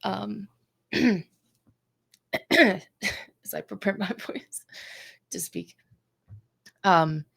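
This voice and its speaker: A woman playing a character in a tabletop game, talking slowly and wryly with a gravelly, husky voice. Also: medium pitch. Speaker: player. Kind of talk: casual tabletop role-play.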